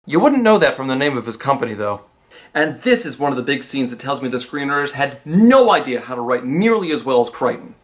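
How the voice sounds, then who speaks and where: A man narrating a comedic film review with a lively, sarcastic delivery. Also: medium pitch, a little fast.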